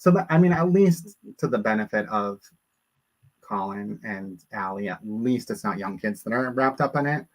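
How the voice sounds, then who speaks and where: A man's voice: lowish voice, animated, normal speed. A man in casual chat, indignant and rambling, with many fillers.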